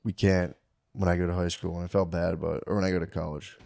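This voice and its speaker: A man's voice: deep voice, flat delivery, fast, vocal fry, warm tone. A man in his thirties co-hosting a comedy podcast, telling stories in a rambling, casual way with plenty of fillers. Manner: rambling, filler-heavy storytelling. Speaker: podcast co-host.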